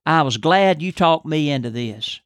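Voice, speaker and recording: A man voicing a softhearted milkman in an earnest, storytelling way, with a dry, close sound. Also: on the high side, animated, normal speed, no echo.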